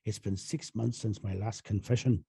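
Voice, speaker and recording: A man's voice: fairly low pitch, fairly even intonation, moderate pace, creaky, dark tone, husky, exaggerated voice. A man voicing a sheepish young Irish man at confession, stammering and pleading in a put-on Irish accent.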